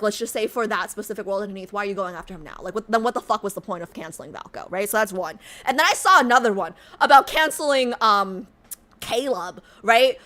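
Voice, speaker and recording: A woman streamer chatting casually with her live chat, rambling, with lots of "like" and sudden loud rants. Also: fairly high pitch. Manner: rambling, heavy use of "like", flares into loud rants.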